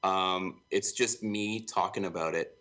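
A man's voice: low-pitched, steady tone, measured pace, pushed and bright. A man from Canada, a music producer guest on a podcast, talking frankly and with self-deprecating humor. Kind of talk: casual interview chat.

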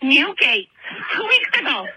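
A woman leaving excited voicemails on a podcast line, rambling, laughing and tearful as she talks. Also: high-pitched, a little slow. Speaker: voicemail caller. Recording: tinny phone voicemail. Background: people talking.

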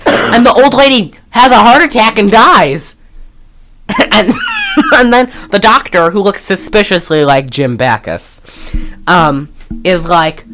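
Animated woman recapping a film, swearing. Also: mid-range voice, a little hiss or hum. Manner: profane, laughing, acts out characters in quick asides. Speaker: podcast co-host. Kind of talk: casual movie recap chat.

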